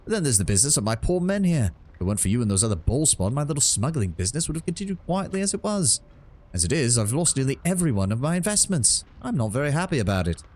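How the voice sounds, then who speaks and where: A man's voice: mid-range voice, big pitch swings, fast, a little mellow. A man doing a slippery smuggler captain. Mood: scheming. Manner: put-on vaguely British accent, slippery and polite. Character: shifty adult male smuggler captain, smooth-talking. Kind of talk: reading game dialogue aloud.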